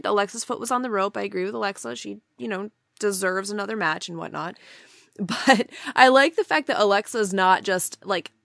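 A woman's voice: mid-range voice, vocal fry, fairly bright tone, no echo, clean studio sound. A woman co-hosting a wrestling podcast in casual chat, enthusiastic and opinionated, often giggling.

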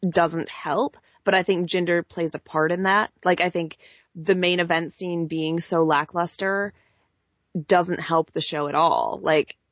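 Low-voiced woman talking wrestling, dull dry sound. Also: fairly bright tone, no echo. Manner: measured, thinking aloud with many "like" fillers. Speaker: podcast co-host. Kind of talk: casual wrestling chat.

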